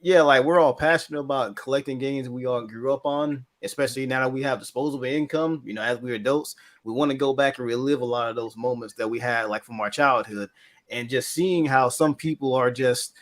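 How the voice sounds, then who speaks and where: A man talking as a guest on a casual gaming podcast, earnest and rambling with many restarts. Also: medium pitch. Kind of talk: casual chat.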